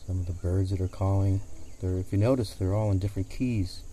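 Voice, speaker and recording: A singer-songwriter chatting casually between songs in a rambling way, recorded outdoors on a porch with a portable recorder. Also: male voice, low voice, fairly even intonation, a little fast, mellow, slight background noise. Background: acoustic guitar playing.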